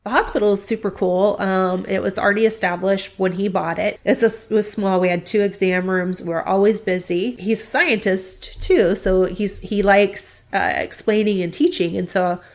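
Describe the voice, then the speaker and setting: A middle-aged woman with a gravelly, creaky edge to her voice, speaking at a middle pitch. She talks through her story in a casual interview, rambling and chatty and often restarting mid-sentence. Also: normal speed, hardly any pauses, a little mellow. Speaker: veterinary clinic staff interviewee.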